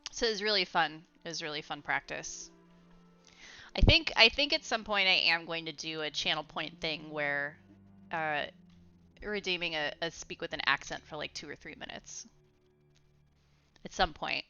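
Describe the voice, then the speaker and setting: A young woman streaming from home, chatting casually and rambling while she plays a game, quick to laugh. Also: low-pitched, lively intonation, bright, forceful tone, smooth. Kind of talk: casual gaming stream chat. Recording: slightly muffled, faint music behind.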